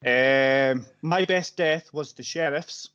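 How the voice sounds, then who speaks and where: A man co-hosting a casual film podcast, relaxed and swearing casually, laughing at his own picks. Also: mid-range voice, slow, clear, resonant tone, highs cut off. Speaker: podcast co-host.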